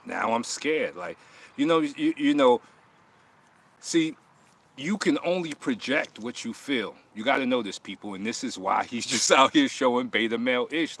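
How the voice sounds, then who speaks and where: A man's voice: mid-range voice, moderate pace, breathy edge. Laughing, mocking man in a livestream. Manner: laughing, mocking, heated and animated. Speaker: martial arts channel host. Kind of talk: casual livestream talk answering chat.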